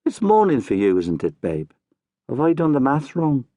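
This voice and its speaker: A man's voice: medium pitch, wildly swooping pitch, normal speed, mellow, no echo, pitched above the performer's own voice. A man reading an audiobook, voicing a playful Irish woman who teases her husband on the phone. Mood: playful teasing. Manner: playful, teasing. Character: teasing Irish woman, McAvoy's wife.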